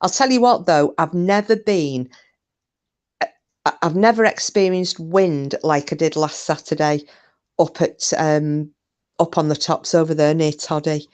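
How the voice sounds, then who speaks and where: Woman, casual live chat, laughs a lot, lower pitch. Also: fairly even intonation, measured pace, darkish tone. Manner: chatty, laughs often, swears casually. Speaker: live stream host. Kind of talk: casual chat reading viewer comments. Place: home, windy day.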